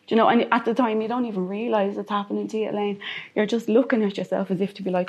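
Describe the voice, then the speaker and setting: A woman's voice: medium pitch, steady tone, quick pace, a little mellow, husky. A woman with an Irish accent, a guest telling a personal story in an interview, repeating phrases for emphasis.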